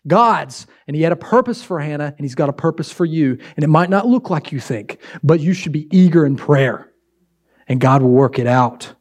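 A man with a high, light voice preaching a sermon to his congregation. He urges his listeners with repeated, emphatic phrases, slowing down to stress key words and then rushing ahead. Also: lively intonation, a little mellow. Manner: emphatic, repetitive exhortation. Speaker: pastor.

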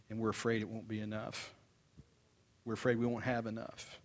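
An older man, a pastor, preaching a sermon in a conversational, animated way, mixing humorous stories with scripture and swinging between loud emphasis and quiet asides. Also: on the low side, a little fast.

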